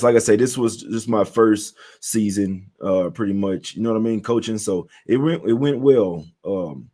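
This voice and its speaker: A man's voice: fairly low pitch, normal speed, hardly any pauses, mellow. A man co-hosting a sports talk show, chatting casually and laid-back. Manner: laid-back, calls people man, many fillers. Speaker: co-host. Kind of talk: casual chat.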